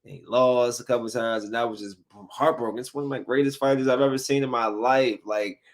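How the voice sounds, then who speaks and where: A man's voice: mid-range voice, brisk. A man hosting a solo podcast, chatting loosely and acting out quotes in a studio. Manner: loose and animated, acts out quotes. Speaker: podcast host. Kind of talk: casual solo podcast chat. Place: home recording studio. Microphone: studio mic.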